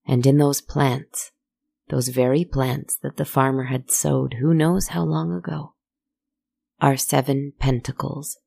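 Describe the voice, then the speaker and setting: A storyteller narrating a slow, meditative tale in a soft, reflective manner, with asides to the listener. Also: medium pitch, creaky, dry recording.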